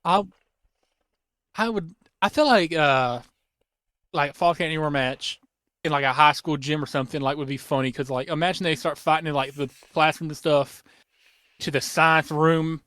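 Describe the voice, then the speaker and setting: A young man hosting a casual podcast, rambling excitedly with lots of fillers and restarts, his voice a little worn. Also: a little high, moderate pace, dry recording. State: losing his voice. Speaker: podcast host.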